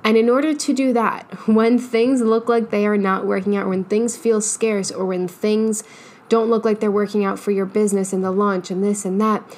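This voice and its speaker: A woman's voice: mid-range voice, level tone, normal speed, darkish tone. Candid, swearing woman podcaster. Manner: candid and profane, laughs often. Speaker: podcast host and business coach. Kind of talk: casual solo podcast monologue. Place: building in a big open area with trees and hills. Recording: faint background noise.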